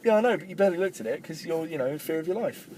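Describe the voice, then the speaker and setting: A man's voice: fairly high pitch, animated, very fast. A young man co-hosting a podcast, chatting and teasing his friend while he drives. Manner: teasing, laughs often. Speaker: podcast co-host. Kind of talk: casual chat while driving. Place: inside a moving car. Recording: car with loud road noise. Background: road and engine noise.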